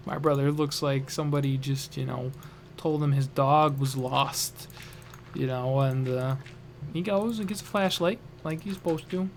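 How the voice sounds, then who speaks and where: A man's voice: mid-range voice, fairly even intonation, unhurried, a little hiss or hum. A young man casually telling a funny family story on a vlog, rambling and joking. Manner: rambling, lots of fillers and restarts, jokey.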